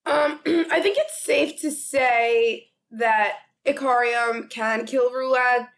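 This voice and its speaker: A woman's voice: a little high, takes it slowly. A woman co-hosting a casual book podcast, blunt and swearing, holding her opinion with a laugh. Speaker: podcast co-host. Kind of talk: casual chat.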